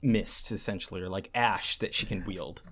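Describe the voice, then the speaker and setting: A man's voice: deep voice, moderate pace, crowd noise. A man on a podcast casually recapping a manga for his co-hosts, acting out character lines as he goes. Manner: animated storytelling, acts out character lines. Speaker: podcast co-host.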